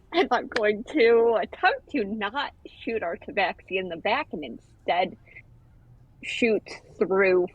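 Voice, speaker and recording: A woman's voice: mid-range voice, lively intonation, takes it slowly, long pauses, husky. A woman playing a tabletop game, chatty and a little hesitant as she describes her moves. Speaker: player. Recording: dry, dull lo-fi mic.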